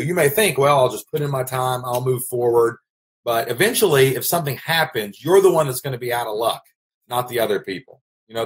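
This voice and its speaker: A man with a Kentucky accent hosting a casual vlog, speaking in a folksy, emphatic way and often repeating his phrases. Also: mid-range voice. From Kentucky, United States. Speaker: host, online business coach.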